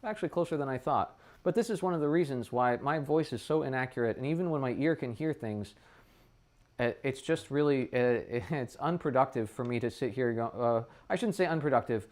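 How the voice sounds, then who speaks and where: A trumpet teacher talking a student through his practice session, thinking aloud and often checking in with a quick "right?". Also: medium pitch, lively intonation, darkish tone. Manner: thinks aloud with frequent restarts. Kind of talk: casual practice demonstration.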